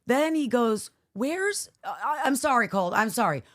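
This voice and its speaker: A woman talks fast on a podcast, rattling through a story. She jumps into the voices of everyone she quotes. The sound is dry and close. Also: a little high, dry recording. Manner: animated storyteller acting out quoted people. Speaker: podcast co-host. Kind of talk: casual chat. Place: studio.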